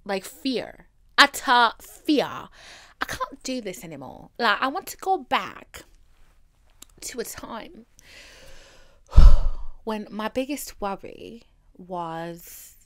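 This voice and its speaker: A young woman hosting a comedic solo podcast, telling stories in a sassy, profane, dramatic way that jumps from loud exclamations to hushed whispers. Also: medium pitch, sing-song, slow pace, long pauses. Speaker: podcast host.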